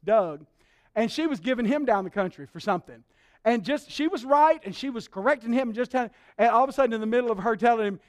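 A man preaching a sermon as pastor, telling stories in an animated way and acting out the voices he quotes. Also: extremely high pitch.

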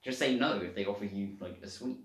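A man's voice: on the low side, brisk, a bit bright. A man co-hosting a casual podcast, hesitant and often repeating his words. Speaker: podcast co-host. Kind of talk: casual banter. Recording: echoey room.

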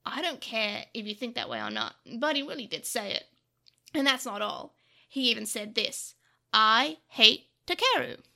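A woman's voice: a little high, big pitch swings, moderate pace, creaky, pushed and bright, exaggerated voice. A woman voicing a sly, mocking male devil creature with a falsely sweet, sneering manner in a storybook reading. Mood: smug. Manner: sneering, faux-innocent.

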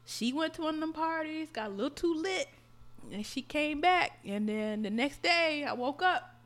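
High-voiced woman telling profane stories. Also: normal speed. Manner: animated, profane storytelling. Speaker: podcast co-host. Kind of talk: casual chat.

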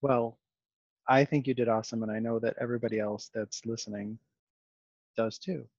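A man's voice: medium pitch, fairly even intonation, moderate pace, creaky, darkish tone, no room sound, muffled recording. A man hosting a podcast in a casual, reflective conversation, talkative and full of fillers and restarts. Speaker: podcast host.

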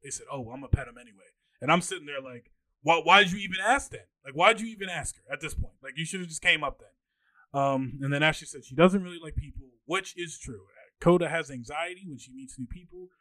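Twenty-something guy rambling through stories on his podcast, kinda high voice, acts out the other people, dry close sound. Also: quick pace, no echo. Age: 20s. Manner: animated, acts out quoted people with jumps in pitch. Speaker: podcast host. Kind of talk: casual storytelling monologue.

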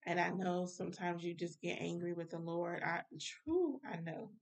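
Low-voiced woman minister teaching scripture. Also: animated, normal speed, recorded from a distance. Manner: informal, direct address to listeners. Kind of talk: Bible study teaching.

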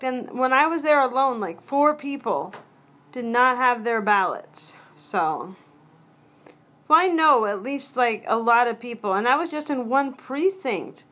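A chatty woman hosting a solo podcast, her voice a bit higher than most. She rambles from thought to thought and breaks off her own sentences with quick asides. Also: a bit bright. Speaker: podcast host. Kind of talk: casual solo podcast talk.

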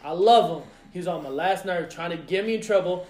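A man's voice: sits high, brisk, reverberant. A man hosting a podcast, telling a rowdy story in casual chat, acting out quotes with lots of profanity. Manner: animated, profane, acts out quotes. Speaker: podcast host.

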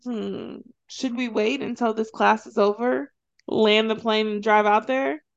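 A woman co-hosting a podcast, casually recapping a TV show and acting out the characters' lines in quick, animated storytelling. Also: fairly high pitch, vocal fry, muffled recording. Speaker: podcast co-host.

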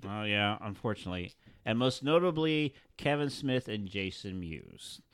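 A man's voice: on the low side, very animated, normal speed, clear, resonant tone, no room sound. A man co-hosting a casual chat, reading out notes with dry joking asides. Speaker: podcast co-host.

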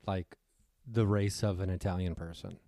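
A man with a fairly low voice chats casually, musing aloud in a wry, joking way. The recording is dry and close. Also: fairly even intonation, moderate pace, gravelly, warm tone, dry recording. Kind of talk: casual chat.

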